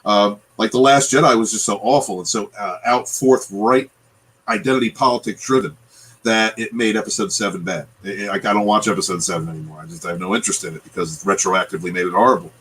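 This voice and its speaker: A man's voice: fairly low pitch, fast, fairly bright tone, slight background noise, poor audio. A man in a casual podcast chat, ranting and swearing as he talks. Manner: ranting, profane. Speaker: guest, channel creator.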